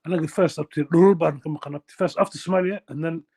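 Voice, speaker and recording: A man's voice: on the high side, fairly even intonation, fast, vocal fry, mellow, breathy edge, no room sound. A young man in casual chat, switching into Somali and calling his friends bro. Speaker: open mic speaker.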